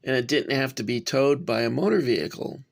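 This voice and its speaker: Speaking a little fast, a man with a gravelly, mid-range voice reviews a toy gun model from a cramped home workspace. His casual, rambling delivery is loaded with fillers and asides addressed to "guys."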